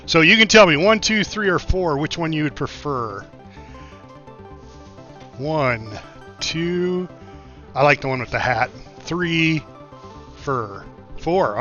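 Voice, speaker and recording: Man streamer, bright forceful voice, chatty gameplay commentary, dull lo-fi mic with faint music behind. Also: a little high. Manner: chatty, thinking aloud with many fillers.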